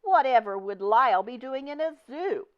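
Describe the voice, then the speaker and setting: A woman's voice: mid-range voice, animated, measured pace, voice pushed up, natural voice. A woman reader voicing a flustered, anxious older woman who pleads politely for help. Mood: dismayed. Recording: dull lo-fi recording.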